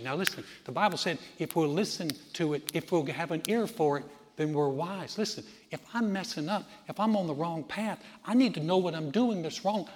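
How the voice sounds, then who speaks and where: A man preaching, his voice on the high side as it rings through a reverberant church hall. He talks to the congregation in a folksy way and drops to a hushed tone for his stories. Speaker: pastor. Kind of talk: sermon.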